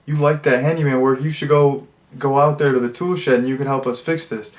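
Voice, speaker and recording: A man's voice: mid-range voice, steady tone, a little fast, natural voice. A man voicing a macho, aggressive young frat bro who talks bluntly and crudely. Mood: brash.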